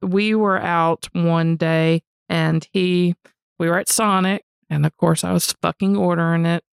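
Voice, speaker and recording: A woman in her forties with a Southern US accent, co-hosting a podcast and telling a story in a casual, animated, profane way. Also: on the low side, a little slow, vocal fry, clean tone, dry recording, studio quality. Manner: animated, profane, frequently says y'all. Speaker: podcast co-host.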